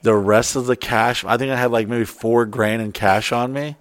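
Profane excitable man telling a story. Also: mid-range voice, moderate pace, dry recording. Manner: profane, excitable, acts out quotes. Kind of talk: casual storytelling chat.

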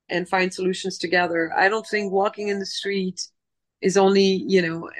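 Animated motivational woman, dry close sound. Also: lowish voice, dry recording. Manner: animated, motivational, acts out inner voices. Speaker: guest, dubbing producer. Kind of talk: casual podcast interview.

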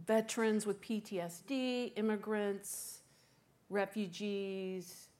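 A woman author and journalist recounting how she found a story, chatty and animated, with many fillers. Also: mid-range voice, slow pace. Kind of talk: conversational storytelling interview.

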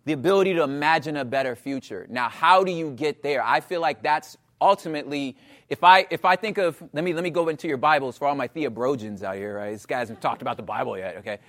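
A man in his thirties preaching a casual, conversational sermon, animated and slangy, often asking "you know what I'm saying". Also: mid-range voice, fast talker. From Los Angeles area.

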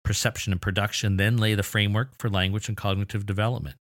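Hosting an educational podcast, a very low-voiced man explains clearly and eagerly, adding mildly exasperated asides. His delivery is flat, quick and a bit bright, recorded close-miked and dry with no echo.

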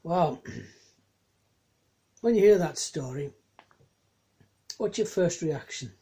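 A pastor giving a gentle, reflective sermon and Bible reading, asking his listeners questions. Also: a little high, expressive, drawn-out words.

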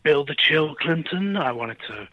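A man calling in to a radio phone-in, putting on a slow, deadpan impression of a former president. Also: fairly high pitch, no room sound. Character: caller doing a mumbling impression of a former US president. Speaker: caller. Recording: dry phone-line sound.

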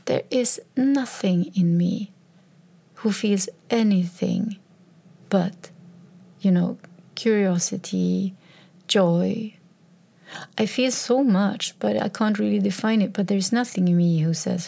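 A woman's voice: mid-range voice, slow pace, vocal fry, slightly rough. A woman talking on her own as a podcaster, telling a personal story in a hesitant way, with restarts, and often dropping to a whisper. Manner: hesitant, with restarts and trailing phrases; drops into soft whispers when quoting texts. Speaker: solo podcaster. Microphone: recording on a microphone.

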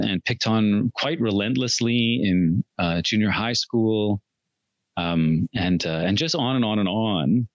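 A man's voice: on the low side, no room sound, muffled recording. A middle-aged man talking as a podcast guest in a reflective, earnest way, often restarting his sentences and laughing at himself. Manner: earnest, warm self-talk with frequent restarts and laughs. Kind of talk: reflective conversational chat.

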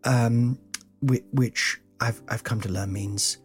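A man's voice: medium pitch, measured pace, a little mellow, soft background music. A man in his forties hosting a comic podcast, rambling and self-mocking, jumping between silly voices. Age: 40s. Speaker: podcast host, comedian.

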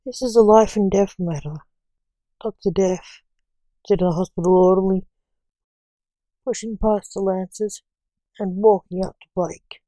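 A woman reading a story aloud in an even, unhurried way, with little change of voice between characters. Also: medium pitch, no echo. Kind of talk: read-aloud story narration.

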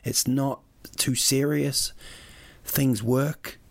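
A man hosts a podcast alone, wandering from one joke to the next with playful asides. His middling voice carries a gravelly edge. The sound is close and dry, with no room around it. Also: mid-range voice, steady tone, extremely slow, no echo. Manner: rambling, jokey, playful asides. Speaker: podcast host. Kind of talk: rambling solo podcast monologue. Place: lives in Sweden.

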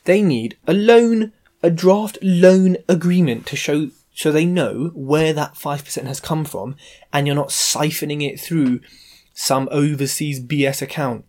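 A man's voice: fairly high pitch, measured pace, a little mellow, lightly acted. A man putting on a fussy, apologetic solicitor with a Welsh accent, in a prim and overly polite voice.

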